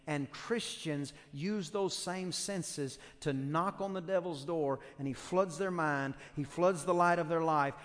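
A fairly high-voiced man preaching a sermon in a church sanctuary. His words ring out with a long hall reverb as he tells stories and builds into loud, fervent preaching. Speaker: pastor.

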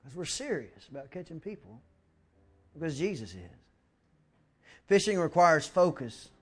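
Speaking at a normal pace, a pastor whose voice is a little high with a breathy edge tells stories throughout his sermon. He acts out quotations with energy and tends to repeat words when worked up.

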